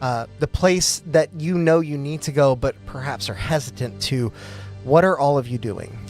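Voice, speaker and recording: A young man narrating a tabletop game as dungeon master, slow and deliberate, with frequent fillers. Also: medium pitch, darkish tone, soft background music.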